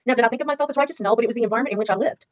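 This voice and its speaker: A woman's voice: a little high, racing, dry recording. A woman in her sixties telling her own story in an interview, emphatic and repeating key words for weight. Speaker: interview guest. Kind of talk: candid personal storytelling interview. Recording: dry, slightly dull lo-fi sound.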